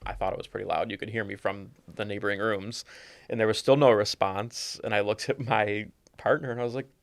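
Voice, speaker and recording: Low gravelly measured man. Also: fairly even intonation. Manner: measured, reflective storytelling with brief listening replies. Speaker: optometrist. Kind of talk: podcast conversation.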